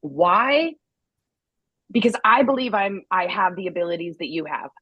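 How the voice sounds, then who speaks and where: A woman's voice: fairly low pitch, fast talker, husky, no room sound, lo-fi sound. A woman co-hosting a podcast, telling a story candidly and acting out what people said, with a slight cold. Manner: candid, animated storytelling with acted-out quotes. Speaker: podcast co-host. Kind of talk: casual chat.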